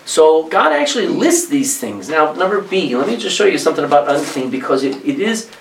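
Animated preacher man, echoey and distant. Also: a little high, a little fast, vocal fry, slight background noise. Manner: animated, reads scripture aloud and explains it with asides. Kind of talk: sermon.

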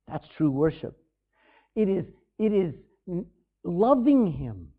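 A man's voice: high-pitched, sing-song, takes it slowly. A man preaching a sermon in a conversational way, acting out scenes in different voices. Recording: tinny phone-like sound.

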